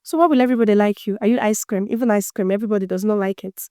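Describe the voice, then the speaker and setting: A woman's voice: mid-range voice, fairly even intonation, racing, mellow, no room sound, clean studio sound. A woman hosting a motivational self-help talk, preachy and teasing, full of rhetorical questions. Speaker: self-help podcast host.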